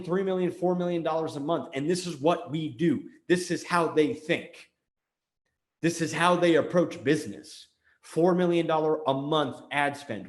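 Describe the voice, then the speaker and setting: This show host from the United States gives a bluntly motivational business talk, hammering points home through repetition. His voice is on the high side, and the recording sounds roomy.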